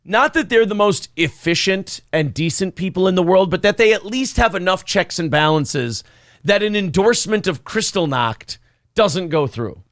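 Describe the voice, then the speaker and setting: A man's voice: high voice, expressive, moderate pace, fairly bright tone, no echo, studio quality. A male morning show host in casual comedic radio talk, irreverent and joking with stammered restarts. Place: studio.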